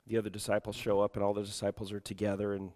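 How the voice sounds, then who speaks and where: Male pastor, middle-aged, slightly low voice, congested, frequent throat clearing, sermon delivery. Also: completely flat delivery, rapid-fire, big-room sound. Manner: prays softly, then preaches louder with frequent throat clearing. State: congested from allergies.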